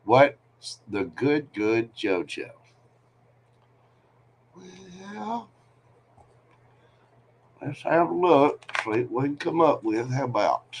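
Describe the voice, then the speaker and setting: A man hosts a live tarot reading, talking at a middle pitch. His advice comes out candid and rambling, full of jokes. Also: lively intonation, unhurried, few pauses, slight background noise. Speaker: tarot reader host. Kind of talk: live-stream reading chat.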